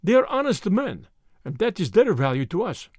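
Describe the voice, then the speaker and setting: A man voicing a Russian conspirator who talks softly with a sinister, amused edge. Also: high-pitched, big pitch swings, moderate pace, no room sound, clean studio sound. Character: sly Russian male plotter, sinister.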